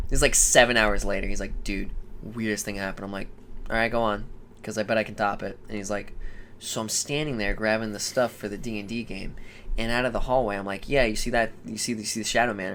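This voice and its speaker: Young male co-host, casual storyteller, animated, faint noise floor. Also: fairly low pitch. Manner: animated, swearing, acts out quoted voices. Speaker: podcast co-host.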